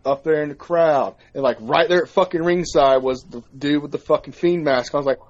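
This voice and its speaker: A man telling a story in a casual chat, profane and animated as he recounts it. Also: a little high, a little fast, muffled recording. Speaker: podcast co-host.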